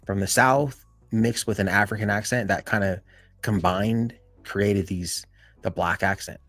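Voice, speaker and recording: A man hosting a live stream in casual chat, rambling and filling every pause with "you know" and "like". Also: lowish voice, fairly even intonation, a bit bright, no room sound, soft background music.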